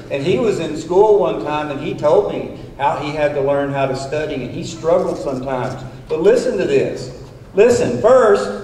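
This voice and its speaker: A man's voice: a little high, mellow, a little hiss or hum. A school principal addressing an assembly, telling folksy stories and repeating his points for emphasis. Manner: folksy storytelling, emphatic repetition. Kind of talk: assembly speech. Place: large school assembly hall. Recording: echoey hall from far off.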